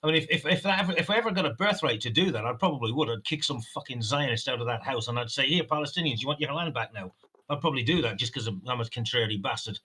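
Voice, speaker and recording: A man's voice: mid-range voice, very fast, hardly any pauses, sharp tone, husky, low-quality recording. An Irish man ranting on a livestream, swearing freely and telling stories from his own life. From west of Ireland. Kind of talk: casual political chat on a livestream.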